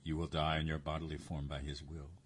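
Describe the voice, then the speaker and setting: A man voicing a devout priest who speaks calmly, tenderly and gravely. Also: a bass voice, fairly quick, a little hiss or hum. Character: gentle, devout old male priest.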